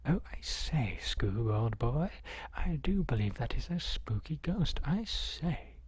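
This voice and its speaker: A man's voice: medium pitch, big pitch swings, slow, breathy edge, no echo, heavily acted. A man voicing a posh, fussy old-chap cartoon ghost hunter with a mock posh English accent, in pompous whispered role-play. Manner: pompous, old-fashioned phrasing.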